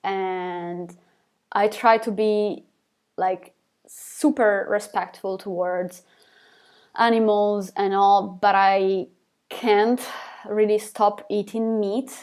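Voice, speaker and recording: A woman's voice: mid-range voice, fairly even intonation, slow pace, a little mellow, clear, resonant tone. A young woman, a band's singer, reading fan questions aloud from a live chat and answering them casually, with lots of fillers and small laughs.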